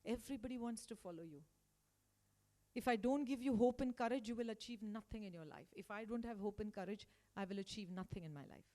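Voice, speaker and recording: A woman's voice: medium pitch, quick pace. A woman giving an emphatic motivational talk to school staff as a guest speaker. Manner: emphatic, acts out quotes in lively voices. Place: school hall. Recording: long hall reverb.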